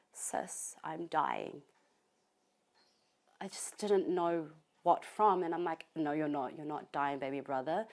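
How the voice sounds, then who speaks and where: Low-voiced grieving New woman. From New Zealand. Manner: soft, halting, many pauses and fillers. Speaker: grieving family member being interviewed. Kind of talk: emotional interview testimony. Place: family home, indoors.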